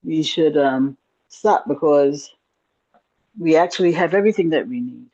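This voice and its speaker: Low-voiced woman with slow, dull audio. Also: lively intonation, mellow. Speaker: caller asking a question.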